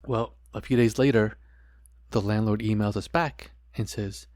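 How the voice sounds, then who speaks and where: A man's voice: lowish voice, fairly even intonation, unhurried, darkish tone, no room sound, studio quality. A middle-aged man hosting a podcast, earnestly sharing a personal testimony and preaching to his listeners with repeated phrases. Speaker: podcast host.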